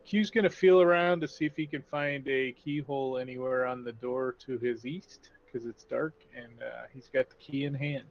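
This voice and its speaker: A man's voice: mid-range voice, steady tone, moderate pace, few pauses, a little hiss or hum. A man playing a tabletop game, describing his character's moves in a playful, joking way. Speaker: player. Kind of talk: casual tabletop game play. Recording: muffled lo-fi audio.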